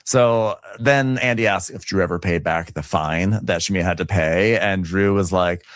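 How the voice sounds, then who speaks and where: A man co-hosting a podcast, recapping in casual chat with animated storytelling that acts out quotes. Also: low-pitched, normal speed, hardly any pauses, dry recording, clean studio sound. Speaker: podcast co-host.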